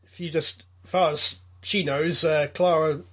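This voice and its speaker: Male co-host, husky, higher-pitched, wry, laid-back commentary. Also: steady tone, unhurried, fairly bright tone. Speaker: podcast co-host. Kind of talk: casual commentary chat.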